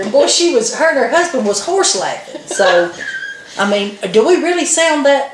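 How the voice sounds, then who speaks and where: A woman's voice: on the high side, sing-song, normal speed, echoey room, background noise. A woman from Alabama with a Southern accent who co-hosts a casual chat, telling folksy stories with dry humor. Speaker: co-host.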